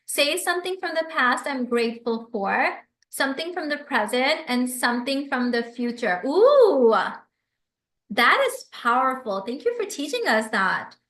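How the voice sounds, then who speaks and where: A woman hosting a live stream, reading viewer comments aloud and answering them in an effusive, animated way. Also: high voice, moderate pace, few pauses, roomy sound. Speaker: livestream host and business coach.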